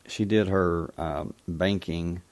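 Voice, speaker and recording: A man hosting a call-in talk show, telling a personal story in a reflective, halting way. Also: sits low, fairly even intonation, darkish tone. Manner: reflective, halting, with frequent restarts. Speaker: radio call-in show host.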